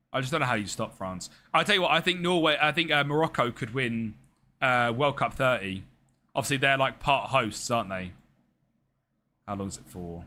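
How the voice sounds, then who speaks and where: A young man streams a game and chats loosely, wandering from point to point and greeting viewers by name. His voice is bright and forward, sitting in an ordinary middle pitch. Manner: rambling, chatty, answers chat viewers by name. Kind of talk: casual live-stream chat while gaming.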